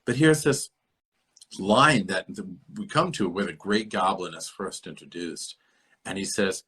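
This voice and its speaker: Man, husky voice, podcast host, rambling thinking-aloud lecture, remote call. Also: sits low, a little slow, a bit bright. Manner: musing, lecturing, repeats himself. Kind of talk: rambling literary discussion.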